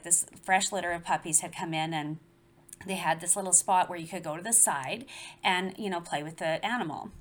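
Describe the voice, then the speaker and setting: A woman in her forties, talking casually and telling a personal story with animation and frequent laughs. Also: on the low side. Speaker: guest. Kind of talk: casual conversation.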